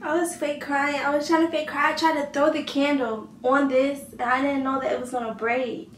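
A woman's voice: high voice, little pitch movement, moderate pace. A young woman in a casual home prank vlog, giggly and talking to her viewers from her bedroom. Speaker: vlogger. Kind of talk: casual prank video chat. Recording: echoey room, distant mic, faint noise.

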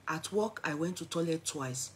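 A middle-aged woman with a Nigerian accent tells a personal story to camera in a vlog, dramatic and animated, switching between English, pidgin and Yoruba. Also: deep voice, moderate pace, slight background noise. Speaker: vlogger.

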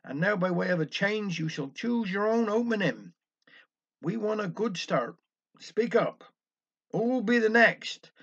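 A man's voice: high-pitched, expressive, a little slow, fairly bright tone, slightly rough, heavily acted. A man with a Cornish accent voicing a formal older village chairman announcing a concert. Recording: dull lo-fi recording.

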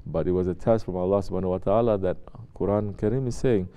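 A Sufi sheikh delivers a spiritual sermon in a deep, smooth voice, talking fast with fairly even intonation on a muffled recording. His manner is conversational as he poses rhetorical questions and acts out quotes.

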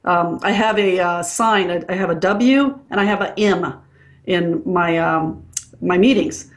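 A woman's voice: on the low side, measured pace. A woman working as a dental consultant, speaking frankly and bluntly in a casual interview.

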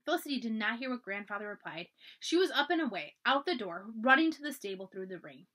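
A woman librarian reading a children's storybook aloud, expressive and often dropping to a hush for the dramatic parts. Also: fairly high pitch, fast.

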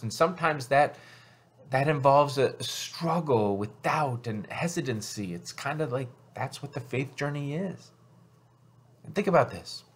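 A man's voice: medium pitch, breathy edge. A man, a pastor, preaching a sermon in an earnest teaching manner and asking his listeners rhetorical questions.

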